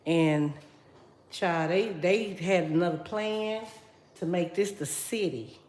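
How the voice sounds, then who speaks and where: A woman's voice: lowish voice, slow, a little mellow. Chatty woman in an echoey kitchen. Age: middle-aged. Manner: chatty, talks straight to viewers, reads out comments. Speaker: livestream host. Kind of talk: casual live chat while cooking. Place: home kitchen.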